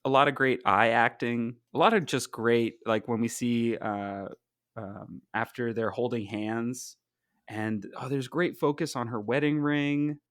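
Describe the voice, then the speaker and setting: A man's voice: medium pitch, steady tone, a little slow, fairly bright tone, dry recording, studio quality. Enthusiastic rambling male podcast co-host. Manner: enthusiastic, rambling with many fillers. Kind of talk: casual podcast chat about comics.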